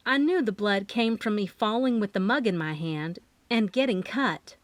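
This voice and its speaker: A woman narrating a first-person mystery audiobook in an expressive, lively storytelling manner. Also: medium pitch, normal speed, no room sound.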